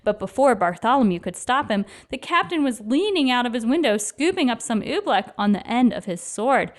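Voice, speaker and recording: A woman reading a children's picture book aloud in an expressive, lively storyteller manner. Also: a little high, moderate pace.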